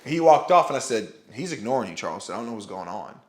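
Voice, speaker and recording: A man's voice: medium pitch, very animated, quick pace. A young man telling a personal story to the camera, rambling with many restarts and "like" and swearing now and then. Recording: roomy echo.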